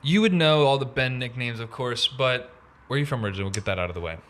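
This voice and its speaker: A man from the US east coast co-hosts a casual podcast. His voice sits at an ordinary pitch, and his stories swing up and down as he talks, full of "like" and quick restarts. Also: a little hiss or hum. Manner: animated storytelling, lots of "like". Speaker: podcast co-host. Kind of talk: casual chat.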